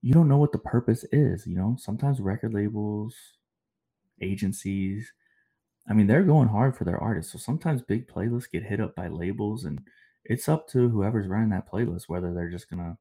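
Deep-voiced laid-back male podcast host. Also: moderate pace, dark tone, slightly rough. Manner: laid-back, rambling storytelling with slangy asides. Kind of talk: casual chat.

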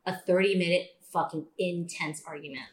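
A woman guest on a podcast telling a story in casual chat, jumping into a higher voice to act out what people said. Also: moderate pace, reverberant, noisy background. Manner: animated, acts out quoted dialogue in a raised voice.

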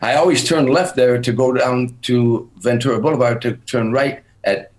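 A man's voice: mid-range voice, normal speed, poor audio. An older man from the Chicago south suburbs, a stand-up comedian calling in as a guest, telling stories and acting out other people's lines. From Chicago south suburbs, USA. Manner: animated storyteller who acts out others' lines. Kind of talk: casual storytelling chat.

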